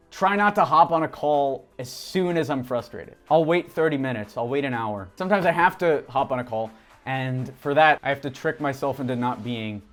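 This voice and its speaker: Male business vlogger, mid-pitched voice, frank and profane with a joking edge. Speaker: business coach and entrepreneur. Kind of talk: casual vlog monologue.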